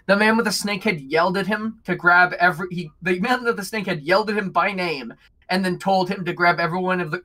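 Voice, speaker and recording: A man's voice: high voice, sharp tone. A man narrating as game master, rambling and restarting as he describes scenes. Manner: rambling, lots of fillers and restarts.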